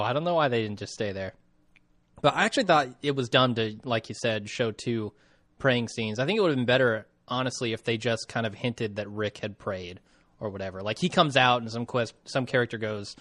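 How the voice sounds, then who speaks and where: A man's voice: mid-range voice, a bit bright, no echo. Easygoing man with a middle voice. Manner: easygoing, hesitant with fillers. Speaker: podcast co-host. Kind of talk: casual chat.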